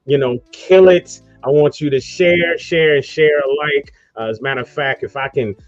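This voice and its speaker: A man's voice: fairly high pitch, normal speed, dry recording, dull audio, faint music behind. A man hosting a casual online radio talk show, rambling loosely through promos and introductions. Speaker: host.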